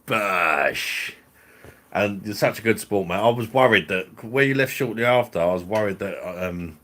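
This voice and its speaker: A man's voice: sits low, fairly bright tone. A man hosting a live stream, chatting casually with viewers in jokey banter and laughing often.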